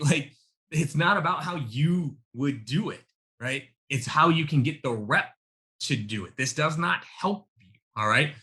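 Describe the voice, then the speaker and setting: A man's voice: on the high side, sharp tone. A man teaching a live sales-coaching webinar, emphatic and punchy, calling his audience y'all.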